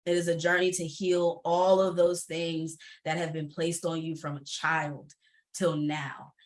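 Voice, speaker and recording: A woman's voice: low-pitched, flat delivery, measured pace. A woman who coaches entrepreneurs, speaking candidly and emphatically on a panel over a video call, laughing often.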